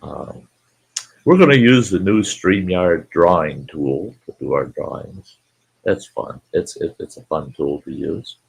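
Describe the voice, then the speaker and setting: A man's voice: low-pitched, measured pace, creaky, husky. A man hosting a holiday live stream in a casual, folksy way, greeting viewers by name and often repeating himself. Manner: folksy and repetitive, calls listeners folks.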